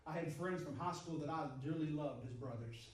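A man with a somewhat high voice preaches a sermon at normal speed, emphatic and repetitive, his volume swelling and dropping. The audio is poor, recorded from a distant mic in an echoey room.

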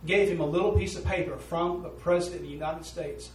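An earnest man preaching a sermon in a folksy drawl, his voice set a little high. He tells a story with mounting fervor. He is heard from some distance in a reverberant room with a faint hum behind him. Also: steady tone, fast. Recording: roomy echo, voice from a distance.

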